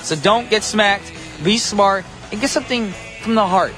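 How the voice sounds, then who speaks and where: A young man hosts a morning radio show from the studio in a bright, upbeat, joking way. His voice sits high for a man. Soft music plays faintly under his talk. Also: moderate pace. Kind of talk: casual radio hosting.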